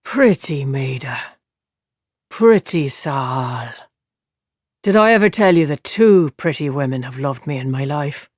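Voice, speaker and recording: A man voicing a weary, drunk old gleeman in an audiobook, low and murmuring. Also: expressive, a little fast, few pauses, no echo, studio quality, natural voice. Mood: maudlin. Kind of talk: audiobook character voice.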